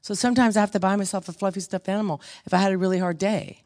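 A woman voicing a distraught female shopper while retelling a story, speaking quickly. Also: mid-range voice, fairly even intonation, darkish tone, natural voice. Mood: confiding. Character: upset adult woman in a store, emotional.

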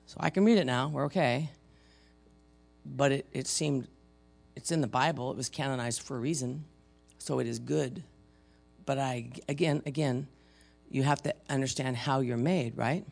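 Gravelly-voiced older male preacher. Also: medium pitch, normal speed, pauses often. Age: 50s or older. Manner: conversational preaching, dramatic readings of scripture, swings between loud and soft. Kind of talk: sermon.

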